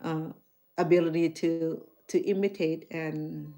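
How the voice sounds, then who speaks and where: Speaking a little slowly in a low voice, this woman from Cambodia, a middle-aged chef who vlogs, tells her viewers lively stories in her Cambodian accent. She acts out the conversations and frequently starts over.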